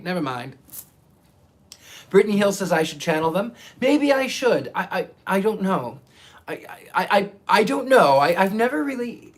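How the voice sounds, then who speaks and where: A man hosting a psychic livestream, chatting casually and reading viewer comments in a theatrical, affectionate way, often stammering and restarting. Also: fairly high pitch.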